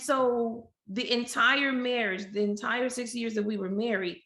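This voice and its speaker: A woman guest on a podcast, telling a personal story candidly and acting out quoted dialogue with lively shifts of voice. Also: on the high side, a little slow. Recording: roomy echo.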